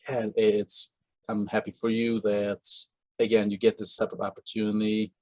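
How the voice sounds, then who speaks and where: A man's voice: lowish voice, completely flat delivery, moderate pace, a little mellow, no room sound. A man hosting a casual interview, talking in long rambling stretches with many fillers and restarts. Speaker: podcast host.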